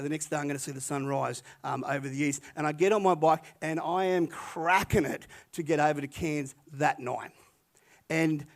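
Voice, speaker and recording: An older man, a retired pastor, telling a story in a sermon in a chatty, animated way with many restarts. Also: on the high side, creaky.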